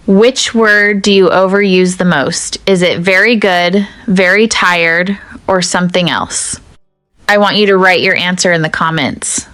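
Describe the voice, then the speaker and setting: A woman teaching an English lesson, her voice smooth and resonant in a close, dry recording. She talks in a measured, deliberate way and addresses the viewer directly, over faint music. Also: mid-range voice, a bit bright, no room sound. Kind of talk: scripted teaching narration.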